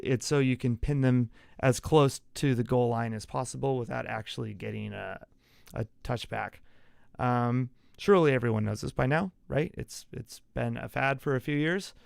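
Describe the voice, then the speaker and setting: Gravelly man rambling about sports. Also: mid-range voice, moderate pace, dry recording, studio quality. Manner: rambling, explains with gestures, self-correcting. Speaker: podcast host. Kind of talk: casual solo sports talk.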